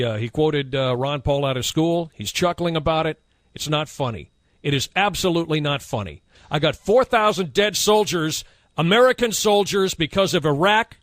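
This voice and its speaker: A man's voice: a little high, lively intonation, normal speed, a bit bright, dry recording, clean studio sound. A male radio talk host delivering a heated, indignant on-air rant, hammering his points with repetition. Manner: indignant, impassioned, emphatic repetition.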